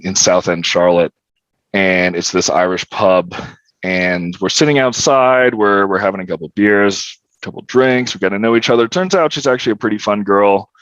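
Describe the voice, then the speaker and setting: A young man with a lowish, dry voice tells a story on a podcast, candid and wry, swearing freely. The sound is a little dull and lo-fi. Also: a bit bright, no room sound. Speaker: podcast guest. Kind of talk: casual storytelling.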